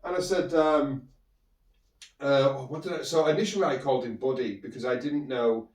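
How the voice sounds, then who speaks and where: A man's voice: medium pitch, steady tone, brisk, far from the mic. Man rambling through a story, roomy echo. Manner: rambling, with many restarts and fillers. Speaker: podcast host. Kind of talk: personal storytelling monologue.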